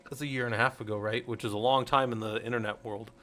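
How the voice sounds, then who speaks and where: A man's voice: mid-range voice, fairly even intonation, fast talker, fairly bright tone, slight background noise. A middle-aged man hosting a casual teaching stream, rambling and interrupting himself, laughing at his own jokes. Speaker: host.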